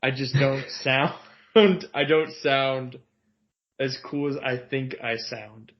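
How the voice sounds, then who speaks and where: A man co-hosting a podcast in casual chat, animated, self-mocking and jokey. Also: medium pitch, slow, dull audio. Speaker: podcast co-host.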